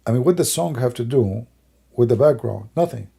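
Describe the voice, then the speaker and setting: Man, hoarse, native Arabic speaker, husky, very dark voice, rambling casual talk. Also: medium pitch, expressive, fairly quick. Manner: rambling, musing, broken English. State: hoarse, losing his voice. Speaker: livestream host.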